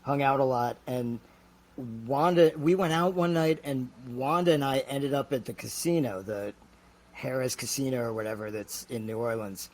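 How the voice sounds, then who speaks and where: A man appearing as a guest, telling stories in a casual, halting way with many restarts. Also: mid-range voice, darkish tone. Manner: halting, full of fillers and restarts. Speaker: guest actor. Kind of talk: casual storytelling.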